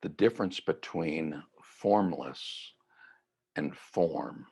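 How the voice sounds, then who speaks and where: A middle-aged man giving a reflective, gently conversational mindfulness talk. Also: extremely low pitch, slightly rough. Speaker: mindfulness teacher.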